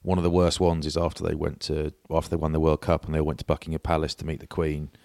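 Brief: low-voiced male co-host, cocky joking banter, dry close sound. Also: completely flat delivery, fast, vocal fry, darkish tone, dry recording. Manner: boastful, jokey, mate-ish. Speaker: podcast co-host. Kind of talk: casual banter.

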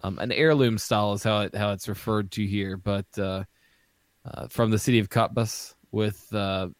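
A man's voice: lowish voice, fairly even intonation, moderate pace, dry recording. A man co-hosting a casual podcast, walking through beer styles with frequent ums and restarts. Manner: hesitant, many ums and restarts. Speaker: podcast co-host.

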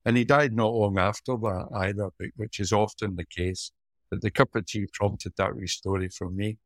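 A middle-aged Scottish man, a former police officer co-hosting a podcast, chatting and telling stories in a lively, joking way. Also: fairly low pitch, moderate pace, no room sound. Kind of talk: casual chat and storytelling.

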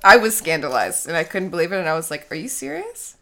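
A woman's voice: low voice, expressive, fast talker, bright, forceful tone. A young woman co-hosting a podcast in casual chat, teasing playfully and laughing often. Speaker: podcast co-host.

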